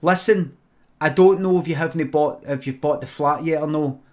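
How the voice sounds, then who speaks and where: A man's voice: fairly high pitch, normal speed, darkish tone, natural voice. A man doing a blunt, irritated Scottish neighbour. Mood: stern. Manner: blunt, sweary complaining. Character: irritated neighbour complaining about noise.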